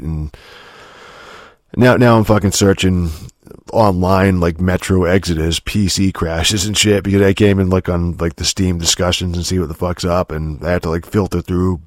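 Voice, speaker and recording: A man's voice: low-pitched, fairly even intonation, moderate pace, no echo, clean studio sound. A man telling gaming stories in a casual, rambling monologue, swearing constantly and full of filler words.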